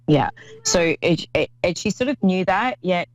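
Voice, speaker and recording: A woman's voice: lowish voice, expressive, unhurried, no room sound, poor audio. Rambling woman psychic. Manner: rambling, effusive, many restarts. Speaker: psychic medium host. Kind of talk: call-in psychic reading.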